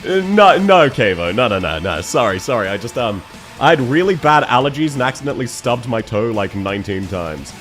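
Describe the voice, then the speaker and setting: A man's voice: mid-range voice, big pitch swings, fairly quick, fairly bright tone, soft background music. A young man chatting on a live stream, laughing often and thanking his viewers. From Australia. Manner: emotional, laughing between words, thanking chat. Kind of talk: casual live-stream chat.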